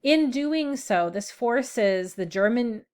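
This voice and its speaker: A woman's voice: on the high side, animated, slow, darkish tone. A woman teaching a history lesson in a casual, chatty way, with many ums and "right?" tag questions. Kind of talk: casual classroom lecture.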